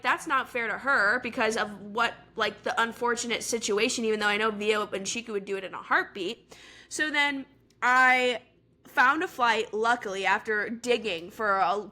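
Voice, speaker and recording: A podcast co-host in her twenties tells a story in casual chat. Her voice sits a little high, with a forceful, bright edge. She talks in a chatty way and fills her sentences with "like.". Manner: chatty, full of "like" fillers.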